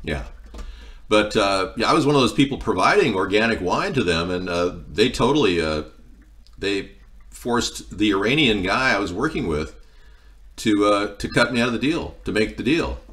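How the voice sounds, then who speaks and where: A man's voice: on the low side, animated, normal speed, fairly bright tone. A man hosting a casual livestream, chatting while he cooks, wandering off into long stories and answering viewers' comments. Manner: rambling, meandering storytelling, answering chat. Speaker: livestream host. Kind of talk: casual live-stream chat while cooking.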